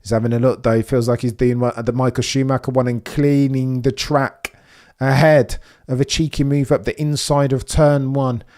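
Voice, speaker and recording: A young man hosting a live race watch-along stream, chatting with viewers and reacting excitedly as the race unfolds. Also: mid-range voice, normal speed. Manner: excitable, chatty, reads chat messages, swings from muttering to excited shouting.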